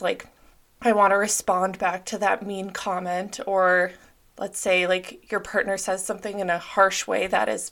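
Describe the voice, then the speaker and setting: A woman's voice: mid-range voice, a bit bright. A young adult woman hosting a self-help podcast, talking openly and earnestly with lots of fillers. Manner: open, earnest, filler-heavy. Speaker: podcast host.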